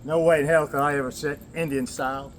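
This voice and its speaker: A man's voice: a little high, fairly even intonation, fast talker, slight background noise. A man from the American Southwest, at least in his forties, talking candidly in a rambling personal vlog. He swears, laughs often and speaks in short bursts. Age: 40s or older. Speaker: vlogger.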